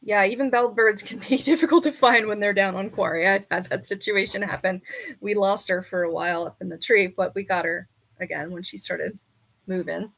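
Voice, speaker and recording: A woman on a casual live stream, reading quiz questions aloud and arguing with the answers, and now and then talking softly to her bird. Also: medium pitch, steady tone, a little fast, creaky. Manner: chatty, reads questions then argues with the answers. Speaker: falconer streamer.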